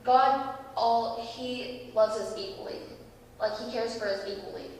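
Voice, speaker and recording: A young woman giving a church talk, telling a lively story and acting out its people. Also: on the high side, measured pace. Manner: lively storytelling, acts out voices. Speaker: youth speaker. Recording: echoey hall, distant mic, faint hiss.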